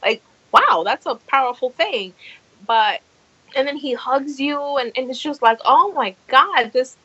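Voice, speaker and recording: Animated woman telling fan stories. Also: sits high, unhurried, husky, no echo, rough recording. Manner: animated storyteller, acts out quotes. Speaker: podcast host. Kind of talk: casual chat.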